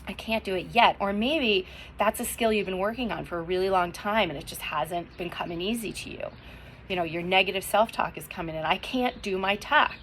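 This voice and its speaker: A woman's voice: mid-range voice, fairly quick, a bit bright, slight background noise. A middle-aged woman giving encouraging mental-skills tips at home, upbeat and acting out quoted self-talk. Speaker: cheer mental-skills speaker.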